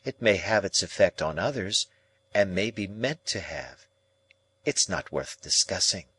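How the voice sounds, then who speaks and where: A man's voice: low voice, animated, measured pace, fairly bright tone, slightly rough, full character voice. A man reading a proud, cool young woman. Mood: cold.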